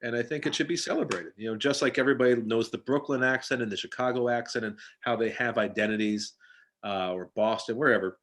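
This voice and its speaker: A man's voice: medium pitch, quick pace. Rambling man. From Scranton, Pennsylvania. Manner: rambling, animated, many restarts. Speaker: guest. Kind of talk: casual interview chat. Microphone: video call.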